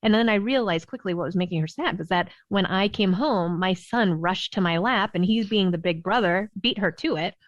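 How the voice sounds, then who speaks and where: A woman pediatrician telling a parenting story in a podcast interview, lively and laughing often, with many "you know" fillers. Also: medium pitch, moderate pace, few pauses, no room sound. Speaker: behavioral pediatrician guest. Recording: dull, dry lo-fi sound.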